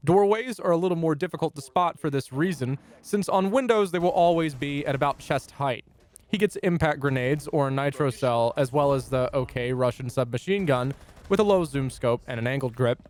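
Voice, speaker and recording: A man's voice: fairly high pitch, darkish tone. Young man narrating a dry, jokey game guide. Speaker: gaming YouTuber.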